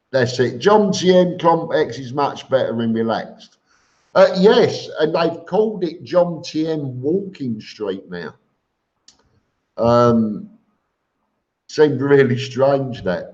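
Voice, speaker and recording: A middle-aged Cockney man from England reads out viewer comments on a live stream, chatting bluntly and plainly with lots of ums and repeated words. His mid-range voice is a little mellow, and the stream audio is dull and lo-fi.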